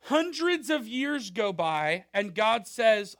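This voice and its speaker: A male pastor with a strikingly high voice preaches in a loose, conversational way. He checks in with the crowd through quick rhetorical asides, and the sound is close and dry. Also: dry recording. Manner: animated, with frequent asides and rhetorical questions. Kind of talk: conversational sermon.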